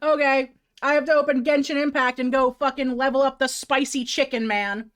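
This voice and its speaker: A woman's voice: high-pitched, steady tone, brisk. A woman streamer chatting casually on a livestream, self-mocking and swearing freely.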